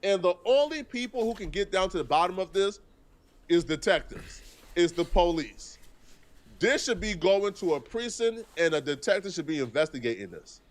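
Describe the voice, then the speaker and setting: A man with a slightly high voice comments on a live stream. He argues earnestly and lays out each point deliberately. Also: expressive.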